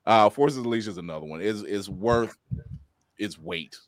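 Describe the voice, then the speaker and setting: A man's voice: lowish voice, moderate pace, dry recording. A man co-hosting a podcast, chatting casually and profanely, acting out little quotes as he tells a story. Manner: animated, profane, acts out quotes. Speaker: podcast co-host. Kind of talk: casual chat.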